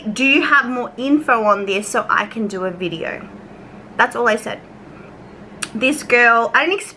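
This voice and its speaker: A young Australian woman, a YouTube commentary creator, rants through a casual storytime for her viewers, chatty and swearing freely as she acts out exchanges. Her voice is a little high, pushed and bright, and the low-quality recording carries a slight hiss or hum.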